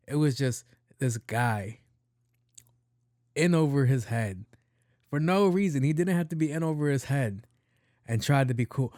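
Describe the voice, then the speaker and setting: A man hosting his own podcast, telling a story in a profane, animated way. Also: medium pitch, dry recording, studio quality. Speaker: podcast host. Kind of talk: casual storytelling monologue.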